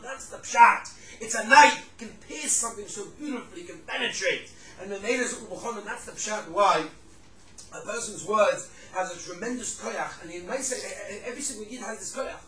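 A man giving a Torah class to a room of listeners, telling stories with lively swings between loud emphasis and hushed tones. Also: high-pitched, moderate pace, roomy sound, far from the mic, low-quality recording. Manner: animated storyteller, drops to hushed tones for the sad parts.

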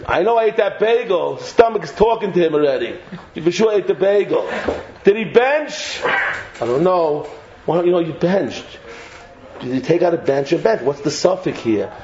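A man giving a lively Torah lecture, joking and mixing Hebrew terms into English. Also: sits high, moderate pace. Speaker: rabbi giving a Torah class. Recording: echoey room, slightly dull sound, faint noise.

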